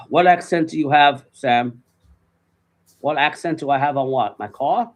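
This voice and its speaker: A man's voice: mid-range voice, rough recording. A man in casual chat, telling rambling stories full of swearing. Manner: rambling, profane storytelling; fast, animated.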